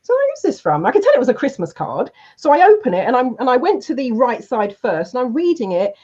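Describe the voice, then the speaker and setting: A woman with a fairly high voice tells her story with energy, acting out the voices of the people in it. The recording is dull and lo-fi and has a muffled top end. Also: fast talker, breathy edge. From South London, England. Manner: lively, acts out quoted voices. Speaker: guest speaker and trainer. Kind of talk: animated storytelling in an interview.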